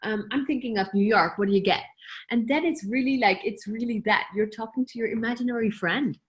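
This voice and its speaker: A woman's voice: fairly high pitch, a little fast. A woman choreographer, a guest in a conversational interview, talking in loose running phrases, laughing often and acting out her own quoted asides.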